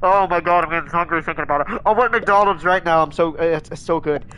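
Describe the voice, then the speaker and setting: A man's voice: a little high, quick pace, sharp tone, a little hiss or hum. Whiny young man ranting while gaming. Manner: whiny, exasperated rants with repeated complaints. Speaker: streamer. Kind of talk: casual gaming chat.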